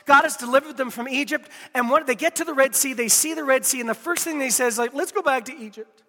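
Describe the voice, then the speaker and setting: Bright, high-voiced male preacher. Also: fast talker, long reverb tail. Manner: emphatic, repeats key phrases; addresses listeners directly. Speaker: pastor. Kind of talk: sermon.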